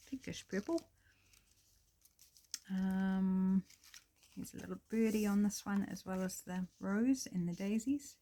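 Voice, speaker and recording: A woman's voice: medium pitch, mellow. A woman hosting a casual crafting tutorial at her table, thinking aloud and apologizing with self-deprecating chatter as she works. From New Zealand.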